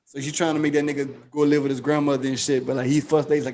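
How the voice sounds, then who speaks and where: A man's voice: on the high side, level tone, fast, darkish tone. A man with a slightly raised voice chats casually on a podcast. He retells a show's plot in slangy, profane talk and acts out the characters' quoted lines with animation. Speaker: podcast co-host.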